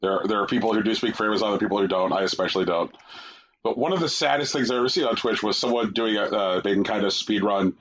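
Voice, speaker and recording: A man co-hosting a podcast in casual chat, making wry, deadpan jokes and swearing. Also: on the low side, quick pace, dull audio. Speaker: podcast co-host.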